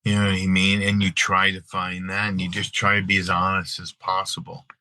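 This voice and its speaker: A middle-aged man from Long Island with a New York accent, an actor telling stories in a casual interview, animated and repeating his words as he acts out scenes. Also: sits low, a little fast, dry recording, poor audio. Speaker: actor and guest.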